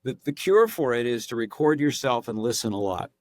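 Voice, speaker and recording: A man's voice: mid-range voice, sing-song, fairly quick, no echo, clean studio sound. A man guesting on a podcast, talking casually and playfully, slipping into demonstration voices as he explains. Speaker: actor and impressionist guest.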